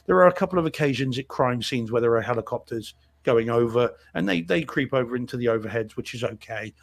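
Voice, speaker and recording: A man's voice: mid-range voice, gravelly. Guy co-hosting a home theater podcast, rambly casual review, lots of ums. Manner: chatty, many fillers and restarts. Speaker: podcast co-host reviewing films. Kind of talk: casual chat.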